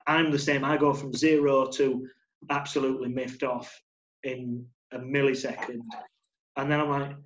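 A man's voice: medium pitch, flat delivery, normal speed, a bit bright. Reflective man, roomy sound. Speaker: podcast co-host. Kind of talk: casual chat. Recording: roomy, dull-sounding mic.

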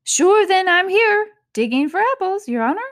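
A woman's voice: very high-pitched, lively intonation, normal speed, voice pushed up. A woman reading aloud voices a timid, deferential male servant with a lilting, humble manner. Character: timid male servant Pat, Irish-speaking.

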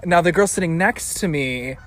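A man telling stories in a casual podcast chat, animated and teasing, with a lively delivery. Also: fairly high pitch, normal speed, low-quality recording. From United States. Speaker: podcast guest.

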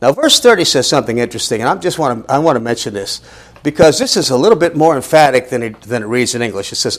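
A man's voice: medium pitch, expressive, fast talker. A man teaching a sermon, reading scripture aloud with rising emphasis and asking rhetorical questions. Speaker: Bible teacher.

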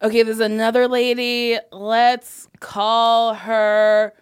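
A woman comedian, a guest on a casual podcast, joking loudly and playfully. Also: on the high side, flat delivery, slow, clear, resonant tone, dry recording, studio quality. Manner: loud, playful, jokey.

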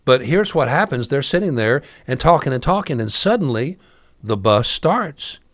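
A man's voice: mid-range voice, big pitch swings, moderate pace, dry recording. A man telling a story casually, wry and chatty with asides to the listener.

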